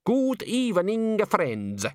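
A man's voice: a little high, wildly swooping pitch, very slow, sharp tone, no room sound, clean studio sound, pitched above the performer's own voice, heavily acted. A man voicing a jolly tenor man singing in his bath and slipping into a put-on foreign accent. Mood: merry.

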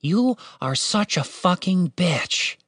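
A man voicing an excitable, foul-mouthed little adventurer in an audiobook, loud and eager. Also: high-pitched, slow pace, no room sound, studio quality, pitched above the performer's own voice, exaggerated voice. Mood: sarcastic. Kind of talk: audiobook character voice.

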